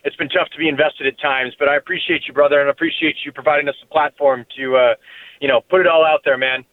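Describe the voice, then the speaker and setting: A man's voice: a little high, steady tone, fast talker, no echo. A man calling in to a sports radio show, casual and laid-back, with lots of "you know" and "man.". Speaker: caller. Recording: tinny phone line.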